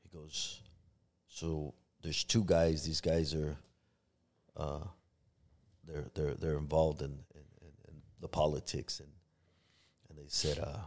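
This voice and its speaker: A man's voice: rumbling low, flat delivery, measured pace, darkish tone. A middle-aged man, a pastor, telling a personal story in a podcast interview, with many restarts, acting out what others said. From Los Angeles area. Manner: storytelling, acts out quoted voices, many restarts.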